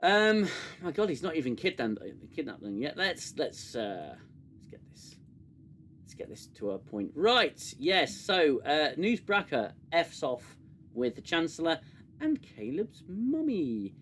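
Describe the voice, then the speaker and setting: A man's voice: fairly high pitch, big pitch swings, measured pace, fairly bright tone, a little hiss or hum. A man hosting a casual review livestream, sarcastic and rambling with many fillers. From United Kingdom. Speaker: show host.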